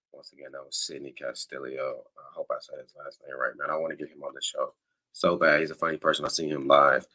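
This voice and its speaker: A man hosting a comedy podcast, talking in a loose, relaxed way with many fillers. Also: extremely low pitch. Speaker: podcast host. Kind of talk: casual podcast talk.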